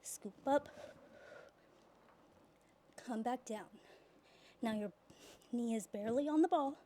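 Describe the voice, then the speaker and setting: Slow and mellow, a slightly high-pitched woman runs a pilates workout, directing moves as she does them and gasping out breathy exhales.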